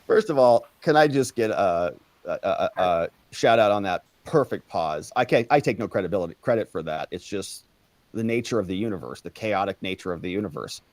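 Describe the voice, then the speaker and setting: A man hosting a commentary show, mocking clips with drawn-out sarcastic repetitions. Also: lowish voice, lively intonation, darkish tone, no echo.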